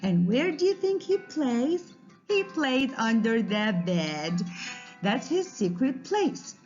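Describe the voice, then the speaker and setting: A woman telling a children's story in an animated way, asking the listeners questions and adding animal noises. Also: sits high, takes it slowly, muffled recording, soft background music.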